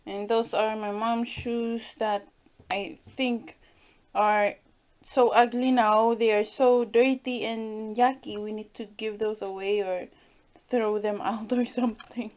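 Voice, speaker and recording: Young woman, slow and easygoing. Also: a little high, flat delivery. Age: 20s. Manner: laughing, easygoing, slow and searching for words. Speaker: daughter co-hosting vlog. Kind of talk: casual home tour vlog. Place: home room. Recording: dull lo-fi home video sound.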